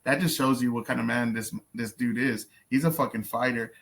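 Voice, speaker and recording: A man's voice: mid-range voice, fairly even intonation, brisk, gravelly, a bit bright. A man hosting a reaction video, talking in a blunt, profane, casual way. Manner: profane, blunt, lots of fillers.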